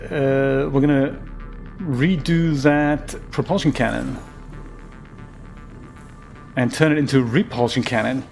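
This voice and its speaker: A man's voice: mid-range voice, darkish tone. Chatty man commenting on gameplay. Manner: chatty, rambling, laughs easily. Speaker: game streamer.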